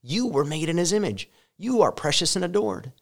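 A man preaching a sermon as pastor, speaking earnestly and directly to his listeners, rising loud and emphatic when he reads scripture. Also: on the high side, sing-song, a little fast.

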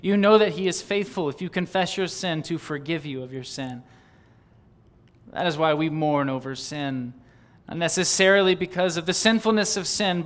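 High-voiced fervent male preacher. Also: a bit bright. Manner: fervent, rising on exclamations and lists. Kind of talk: sermon with read-aloud diary passages.

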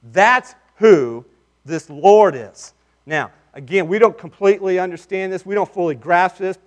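Man, pastor, high-pitched, preaching a sermon, emphatic, hushed to forceful. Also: measured pace, highs cut off. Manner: emphatic preaching, swings between hushed asides and forceful declarations.

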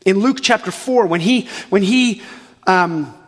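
A man preaching a sermon as a pastor, animated and full of restarts, acting out the voices of the people he quotes. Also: high voice, measured pace, in a large hall. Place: church auditorium.

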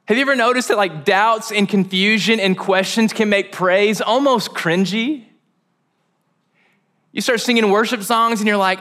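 A man with a lilt preaches to his church in a relaxed, joking way, like he's chatting with friends. His voice is bright and a touch high. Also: normal speed. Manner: casual, joking, conversational preaching. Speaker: pastor. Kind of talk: sermon. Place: church sanctuary.

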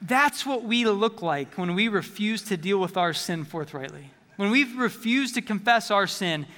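A man's voice: high voice, lively intonation, unhurried, fairly bright tone, long reverb tail. A man preaching a sermon as a pastor, conversational, often repeating words as he restarts phrases.

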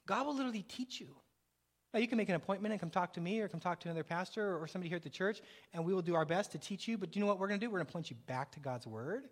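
A pastor preaching a sermon, with emphatic repeated phrases and a delivery that swells and drops. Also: male voice, sits high, racing, a bit bright. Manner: preaching with rising and falling intensity, repetitive emphatic phrasing.

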